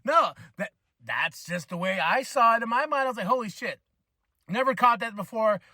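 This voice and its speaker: A man's voice: sits high, lively intonation, a little fast, pushed and bright, no echo, clean studio sound. A man in his thirties hosting a podcast, ranting casually and swearing, acting out quoted voices. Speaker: podcast host. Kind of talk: casual rant.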